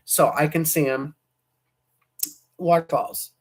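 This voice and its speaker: A woman hosts a casual livestream, chatting to viewers in a loose, rambling way. Her voice sounds hoarse, and her sentences often trail off and restart. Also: deep voice, steady tone, takes it slowly. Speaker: livestream host.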